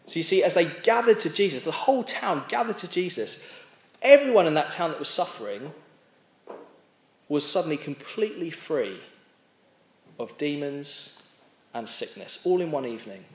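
A man's voice: fairly high pitch, lively intonation. A man preaching a sermon in a conversational way, stopping and restarting as he explains a passage. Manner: conversational, with frequent restarts and pauses. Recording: echoey room.

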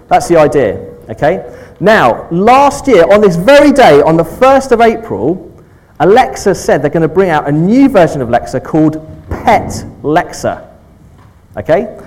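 A man's voice: a little high, a little mellow, low-quality recording. A man leading an informal all-age church talk, friendly and chatty, often checking in with "okay" and talking with children.

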